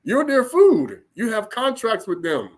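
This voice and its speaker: A man's voice: high voice, huge pitch swings, unhurried, voice pushed up, heavily acted. A man voicing an exasperated scolding deity. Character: exasperated male deity scolding his people.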